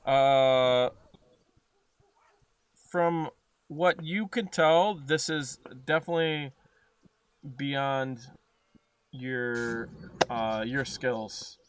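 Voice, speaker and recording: A man's voice: mid-range voice, drawn-out words, pauses often, clear, resonant tone, no room sound. Hesitant male game master. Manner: hesitant, many fillers. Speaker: dungeon master. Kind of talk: narrating a tabletop game.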